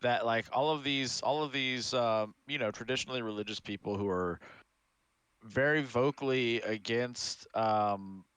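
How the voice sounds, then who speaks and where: A man's voice: mid-range voice, measured pace, a bit bright, smooth, no room sound. A man co-hosting a podcast in casual chat, making wry, mock-serious remarks. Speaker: podcast co-host.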